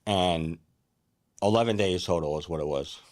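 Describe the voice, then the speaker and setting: Speaking at normal speed in a low voice, a young man who works as a chef recounts his career in an earnest, casual first-person account. He sounds reflective, often restarting sentences and dropping in fillers such as "like" and "right?".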